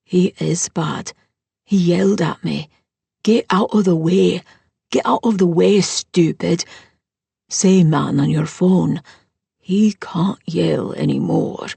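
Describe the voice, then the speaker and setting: A slow, hushed gentle young man, as a woman reads him. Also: sits high, creaky, breathy edge, no echo, exaggerated voice. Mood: earnest. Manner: slow, simple, plainly spoken. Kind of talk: audiobook character voice.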